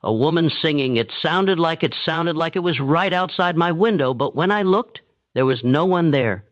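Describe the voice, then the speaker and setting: A man voicing a paranoid, unraveling male overseer who speaks in a flat, curt, accusing way in a narrated story. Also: a little high, normal speed, dry recording, natural voice. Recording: dull, dry, lo-fi sound.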